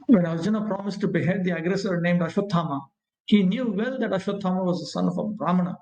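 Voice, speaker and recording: A man teaching a scripture class, reading verses, chanting Sanskrit slowly, and explaining with many pauses and fillers. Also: high-pitched, a little mellow. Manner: frequent fillers and pauses, repeats points. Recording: echoey room.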